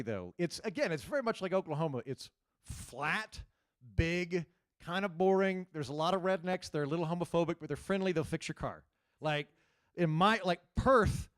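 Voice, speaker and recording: A man in his forties doing a live stand-up set, talking to the crowd in a loose, halting way with frequent restarts. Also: fairly high pitch, no echo, studio quality. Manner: conversational, halting restarts, riffs with audience. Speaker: stand-up comedian.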